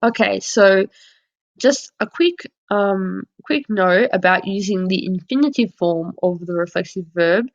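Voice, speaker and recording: Patient woman teacher, gravelly lo-fi voice. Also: mid-range voice, unhurried. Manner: clear, patient explaining with French examples. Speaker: French teacher. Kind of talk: classroom lesson over slides. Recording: dull lo-fi audio.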